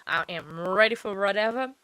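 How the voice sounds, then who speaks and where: A woman's voice: mid-range voice, normal speed, a bit bright, smooth. Tired, rambling woman livestream host. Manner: chatty and rambling, with many fillers and self-corrections. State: tired and yawning late at night. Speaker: host of a true-crime trial-watch livestream. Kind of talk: casual live commentary.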